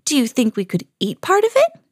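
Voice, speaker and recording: A woman voicing a poor, gentle young female mouse who speaks in a bright, earnest way. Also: high-pitched, big pitch swings, normal speed, dry recording, clean studio sound, pitched above the performer's own voice, full character voice.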